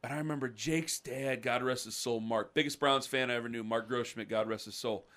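Animated storytelling man, bright voice. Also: mid-range voice, fairly quick. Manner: animated, acts out voices of people in his story. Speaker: podcast co-host. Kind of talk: casual storytelling.

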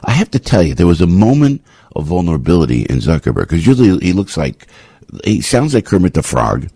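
A male radio host delivering a rambling, sarcastic monologue full of mocking rhetorical questions and sudden leaps up in pitch. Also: big pitch swings, a little fast, creaky, dark tone, slightly rough, no echo. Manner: rambling, with frequent restarts and asides.

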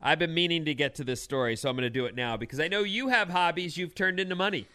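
A man's voice: fairly high pitch, fast, sharp tone, clean tone. A man hosting a radio show, chatting casually and reading quirky news items with an opinionated, teasing manner.

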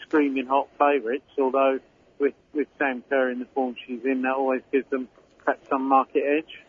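A man's voice: mid-range voice, completely flat delivery, normal speed, a little hiss or hum. Cockney man pundit on a tinny phone line. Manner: chatty, rambling analysis with fillers. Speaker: football pundit. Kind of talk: casual radio chat.

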